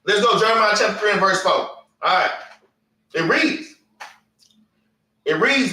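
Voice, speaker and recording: High, fiery preacher in an echoey room. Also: male voice, expressive, unhurried, pauses often, bright, forceful tone, distant mic. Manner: blunt and fiery, with slang and cursing, repeating "man" and "all right". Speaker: Bible class teacher. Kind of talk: informal preaching with scripture reading. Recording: echoey room, away from the mic.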